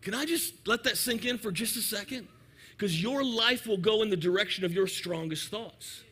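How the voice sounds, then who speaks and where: A man preaching a lively, joking sermon in church, sometimes shouting for emphasis. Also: high-pitched, normal speed, breathy edge. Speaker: pastor. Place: church sanctuary.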